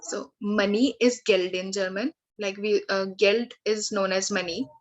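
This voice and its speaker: A woman tutor teaching at a slow, deliberate pace. She reads through word lists carefully, pausing on fillers and restarting her phrases. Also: mid-range voice, fairly even intonation, dull audio. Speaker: language tutor. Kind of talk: online lesson, reading word lists.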